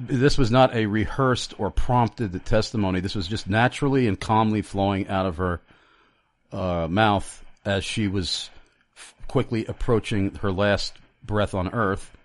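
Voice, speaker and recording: A middle-aged man hosting a radio interview, speaking earnestly and haltingly with many fillers. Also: on the low side, no echo, clean studio sound. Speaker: radio host.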